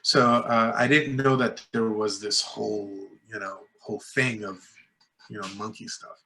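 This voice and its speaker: A man's voice: on the low side, steady tone, normal speed, sharp tone. A man, a filmmaker guest, tells rambling anecdotes full of fillers and restarts, acting out other people's lines in a raised voice. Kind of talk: casual storytelling in a podcast interview.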